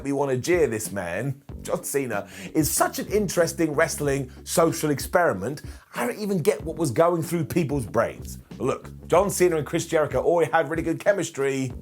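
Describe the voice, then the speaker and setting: Animated man reviewing wrestling. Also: a little high. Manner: animated, jokey, quoting wrestlers in asides. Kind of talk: retro wrestling review voice-over.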